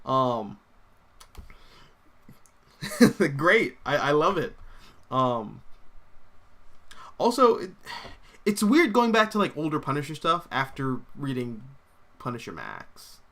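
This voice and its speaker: A young man with a mid-range voice hosts a laid-back comics livestream, speaking slowly with long pauses. He rambles animatedly, reading viewer comments aloud, and fills his talk with fillers and laughs.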